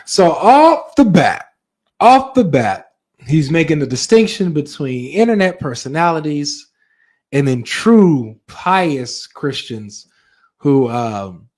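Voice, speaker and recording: A man with a fairly high voice hosts a live reaction stream, talking straight to his viewers. He reacts in an animated, chatty way, full of asides and questions to chat. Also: slow.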